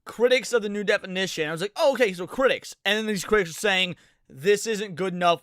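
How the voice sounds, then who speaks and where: A man's voice: sits high, fast, fairly bright tone, dry recording, clean studio sound. A man hosting a casual commentary show, making sarcastic, mocking asides and answering questions from chat. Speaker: host.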